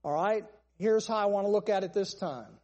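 A man's voice: sits high, a little fast, a little mellow, big-room sound. A man preaching a sermon, stressing points through long repeated lists. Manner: emphatic, repetitive list-style preaching.

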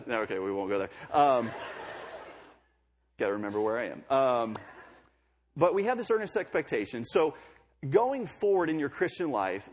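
A man's voice: medium pitch, a little mellow, husky. A young man preaching a sermon in a conversational way, with joking asides between scripture readings.

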